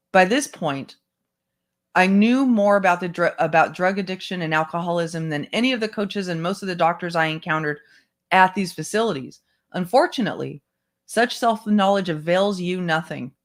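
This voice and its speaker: A book club host reads a memoir aloud to an online group, keeping a measured, even delivery in a mid-range voice. Short asides to the listeners break in now and then between passages. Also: medium pitch. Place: home setup, online stream.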